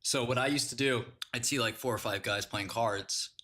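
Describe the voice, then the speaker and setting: A man's voice: mid-range voice, normal speed, pushed and bright. A man casually telling prison anecdotes, acting out quotes and laughing at his own jokes. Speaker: podcast host telling prison stories.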